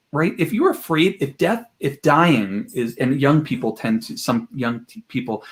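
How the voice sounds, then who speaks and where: Animated man telling stories as a guest. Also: medium pitch, moderate pace, few pauses. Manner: animated, jumps into quoted voices, laughs while talking. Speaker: guest expert. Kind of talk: podcast interview storytelling. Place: home room with collected objects.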